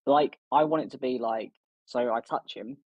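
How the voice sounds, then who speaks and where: Husky male player, hesitant and filler-heavy, dull dry lo-fi mic. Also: mid-range voice, moderate pace, dry recording. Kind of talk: describing his character's actions in a tabletop game.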